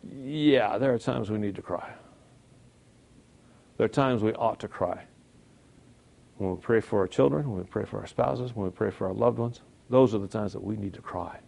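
Creaky-voiced man preaching emphatically. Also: lowish voice, moderate pace, long pauses. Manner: emphatic, rhetorical questions, swings from loud to quiet. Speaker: Bible class teacher. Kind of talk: conversational sermon.

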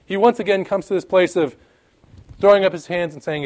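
Male preacher, fairly high pitch, emphatic sermon delivery with scripture readings. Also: fairly quick, darkish tone. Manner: emphatic, rising and falling, reads scripture aloud.

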